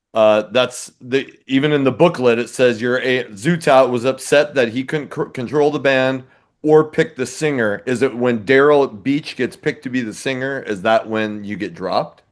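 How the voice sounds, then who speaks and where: A male host asks questions in a casual interview. He stumbles and restarts as he asks. Between questions he gives short replies. His voice sits at an ordinary pitch for a man. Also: unhurried.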